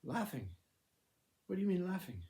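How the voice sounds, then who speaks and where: A man's voice: mid-range voice, a little fast, vocal fry, warm tone, lightly acted. A man voicing worried grown-up children who plead with their mother to get help.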